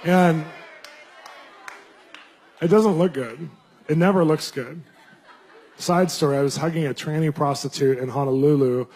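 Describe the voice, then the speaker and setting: A man in his thirties telling a story in a sermon, animated and acting out the voices of people he quotes. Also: fairly high pitch. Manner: animated, acts out voices in quotes, laughs often.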